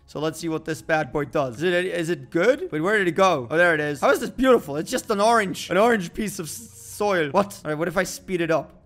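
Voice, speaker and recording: A man's voice: a little high, lively intonation, a little fast, few pauses, a bit bright. A young man giving casual, joking commentary while playing a space simulation game, exclaiming often. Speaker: gaming YouTuber. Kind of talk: casual let's-play commentary. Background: faint background music.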